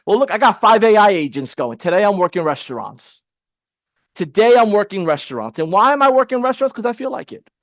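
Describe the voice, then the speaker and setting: High-voiced energetic male coach. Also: fairly quick, no echo, lo-fi sound. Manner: energetic, repetitive, casual motivational coaching. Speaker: webinar coach. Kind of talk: live online training.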